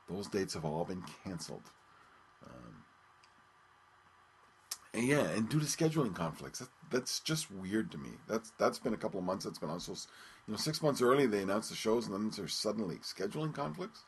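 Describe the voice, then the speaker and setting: A man hosting his own podcast, talking casually and haltingly with many ums and restarts. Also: deep voice, very animated, creaky, a little hiss or hum. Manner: rambling, hesitant, many ums and repeated words. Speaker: podcast host. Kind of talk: casual solo radio-show talk.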